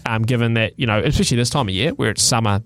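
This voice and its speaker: A man's voice: medium pitch, very fast, a bit bright, faint music behind. A man co-hosting a radio show, chatting casually and jokily through light news stories with plenty of fillers. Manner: chatty, jokey, rambling with fillers. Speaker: radio co-host.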